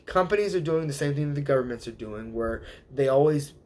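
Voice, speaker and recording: A man hosting a live show, talking in a casual, animated monologue and slipping into quick voices of the people he quotes. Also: medium pitch. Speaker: host.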